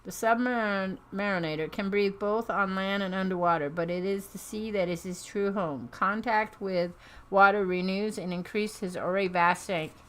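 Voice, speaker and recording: A woman streamer reading a comic book aloud on a live stream. She narrates the panels at a mid pitch, stumbling now and then and correcting herself as she goes. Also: moderate pace.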